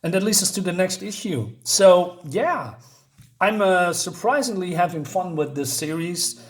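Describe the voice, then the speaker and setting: A man with a slightly higher voice talks his way through a comic book issue in a loose, casual manner. He stumbles and restarts often and reads the characters' lines in a flat voice. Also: unhurried. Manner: loose and rambling, many fillers and restarts. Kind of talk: casual review, retelling a comic.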